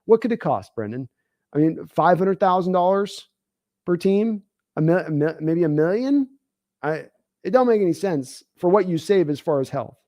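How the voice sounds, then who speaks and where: A man hosting a sports stream show in casual talk, animated and quick to restart and repeat his words. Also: high voice, no echo, clean studio sound.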